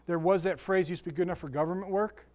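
A man's voice: high voice, fairly even intonation, fast talker, a little mellow. Chatty man teaching a Bible class. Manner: folksy, chatty, asks the room questions. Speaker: Sunday school teacher.

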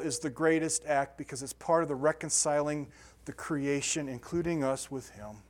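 A man's voice: on the high side, moderate pace. Man preaching a conversational sermon. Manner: conversational, repeats words and restarts, builds to emphatic scripture reading. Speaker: pastor.

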